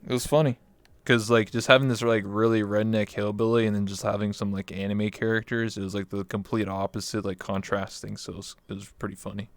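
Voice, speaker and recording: A man's voice: on the low side, little pitch movement, a little fast, no echo. A man from Canada hosting a casual streamed interview, rambling with lots of fillers. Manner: rambling, filler-heavy, laughs easily. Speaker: interview host.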